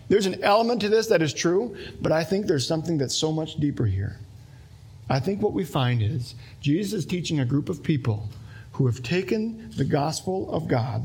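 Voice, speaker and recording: Husky-voiced male pastor preaching. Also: fairly high pitch, darkish tone. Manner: conversational, explaining with everyday examples. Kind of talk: sermon.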